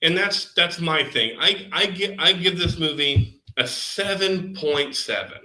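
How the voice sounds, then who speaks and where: A man's voice: fairly high pitch, unhurried, sharp tone, reverberant, poor audio. A man co-hosting a movie podcast, talking casually and swearing now and then. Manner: casual, profane, enthusiastic. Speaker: podcast co-host. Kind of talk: casual chat.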